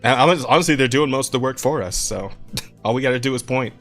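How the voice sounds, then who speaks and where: A man's voice: medium pitch, quick pace, a bit bright, soft background music. A man hosting a casual podcast, reading listener questions, laughing often and swearing freely. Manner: laughs a lot, profane, reads listener questions. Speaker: podcast host.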